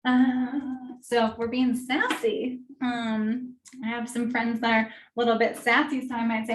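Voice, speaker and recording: A woman's voice: on the high side, little pitch movement, measured pace. A woman, an occupational therapist, gives an informal, friendly workshop talk to parents, full of fillers and asides. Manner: friendly, conversational, many fillers. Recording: roomy echo, distant mic.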